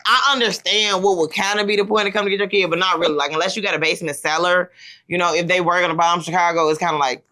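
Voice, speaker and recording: A woman's voice: lowish voice, steady tone, very fast, pushed and bright. A woman in her thirties hosting a podcast, telling rambling stories with lots of fillers in casual chat. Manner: rambling, storytelling with many fillers. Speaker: podcast host.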